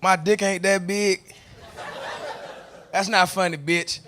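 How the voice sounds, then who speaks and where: High-voiced man doing stand-up. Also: takes it slowly, music in the background. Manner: loud, animated storytelling that jumps into shouted voices. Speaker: stand-up comedian. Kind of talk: stand-up set before a live audience. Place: comedy stage with a laughing crowd. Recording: live stage clip with loud crowd noise.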